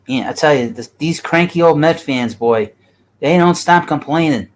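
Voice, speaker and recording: A man's voice: fairly high pitch, normal speed, rough recording. A middle-aged man with a thick New York accent, hosting a baseball livestream and talking bluntly and ramblingly to his chat.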